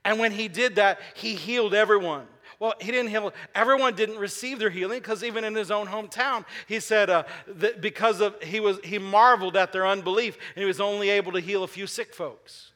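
High, bright-voiced preacher in a reverberant hall. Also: male voice, fairly quick, few pauses. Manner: call-and-response preaching, asking the congregation questions; repeats key phrases for emphasis. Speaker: pastor. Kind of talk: sermon. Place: church sanctuary. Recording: long reverb of a large hall.

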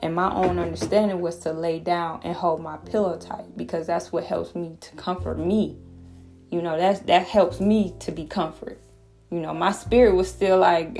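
Earnest low-voiced woman sharing testimony. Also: fairly even intonation, normal speed, gravelly, dark tone, soft background music. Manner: earnest, rambling, frequent restarts. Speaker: faith vlogger sharing a personal testimony. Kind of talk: casual devotional talk.

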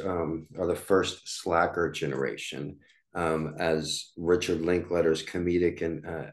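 A man in his forties hosting a casual solo podcast, rambling with lots of fillers and restarts. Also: sits low. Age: 40s. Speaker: podcast host.

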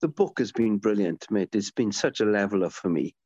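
A man's voice: fairly low pitch, expressive, brisk, mellow, no room sound. A middle-aged man chatting as an interview guest, eager and rambling, tripping over his words as he tells stories. His voice sounds dull and lo-fi, with a dry, close sound. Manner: enthusiastic, rambling storyteller with many restarts. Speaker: guest, author. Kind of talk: conversational podcast interview.

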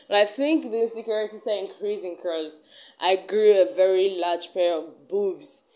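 A woman's voice: medium pitch, a little mellow. Chatty young woman vlogging earnestly. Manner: chatty and earnest, with frequent restarts and fillers. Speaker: vlog host. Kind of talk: casual self-talk vlog.

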